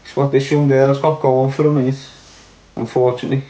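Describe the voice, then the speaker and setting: A man's voice: medium pitch, flat delivery, fairly quick, warm tone. Blunt, sweary Liverpool man. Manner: blunt, sweary, emphatic, repeats points. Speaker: podcast commentator. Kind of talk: opinionated podcast rant. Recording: echoey room.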